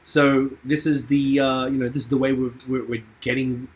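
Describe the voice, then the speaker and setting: A man's voice: mid-range voice, flat delivery, moderate pace, slightly rough. A man hosting a podcast over a remote call, in loose casual chat full of fillers. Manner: loose and chatty, swears casually, many fillers. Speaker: podcast host. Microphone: remote call with a mute button.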